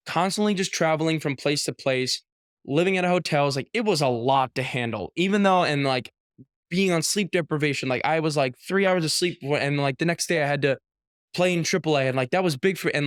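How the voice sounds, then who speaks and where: Young male athlete guest, chatty and animated, smooth clear voice, dry close sound. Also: on the high side, dry recording. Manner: animated storyteller, heavy use of "like", acts out quotes. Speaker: professional baseball pitcher, guest. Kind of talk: casual storytelling interview.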